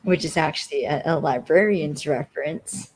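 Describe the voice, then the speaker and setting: A podcast co-host casually recapping a TV episode, rambling and filling every pause with "like.". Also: medium pitch, a little hiss or hum, low-quality recording. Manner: rambling, constantly says "like".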